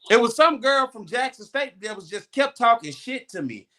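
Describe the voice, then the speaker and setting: High, bright-voiced man telling stories. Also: big pitch swings, moderate pace. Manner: slangy, laid-back storytelling. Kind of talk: casual chat.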